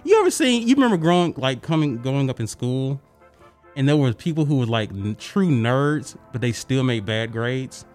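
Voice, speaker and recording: A man's voice: medium pitch, moderate pace, faint music behind. A young man, co-hosting a podcast and ranting in casual sports banter. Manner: ranting, animated, teasing. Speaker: podcast co-host. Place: podcast studio.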